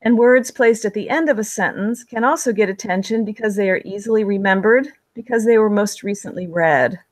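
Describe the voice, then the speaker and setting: A woman narrating a writing lesson in a clear, measured way, reading examples aloud with the odd slip. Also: medium pitch, dry recording, low-quality recording. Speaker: writing instructor. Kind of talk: scripted instructional narration.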